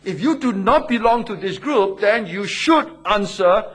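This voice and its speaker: A man's voice: sits high, expressive, measured pace, a bit bright, breathy edge. A male pastor, preaching emphatically and posing rhetorical questions with repeated phrases. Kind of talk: sermon.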